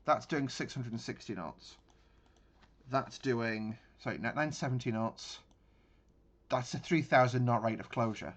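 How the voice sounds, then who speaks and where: A man's voice: medium pitch, unhurried. A man giving casual gameplay commentary on a naval battle game, thinking aloud with frequent restarts. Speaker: gaming channel host.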